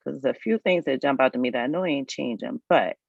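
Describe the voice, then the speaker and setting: A woman's voice: very deep voice, quick pace, vocal fry, breathy edge, no echo, dull audio. A woman, hosting a live resume review in a casual, folksy, chatty way and talking straight to her viewers. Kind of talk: casual livestream chat.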